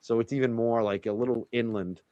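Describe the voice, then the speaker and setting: A man's voice: mid-range voice, steady tone, a little fast, dark tone, no room sound, lo-fi sound. A man from the North Shore of Massachusetts with a light Boston accent, chatting casually and rambling as he reads out viewer questions. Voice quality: rambling, self-correcting storyteller.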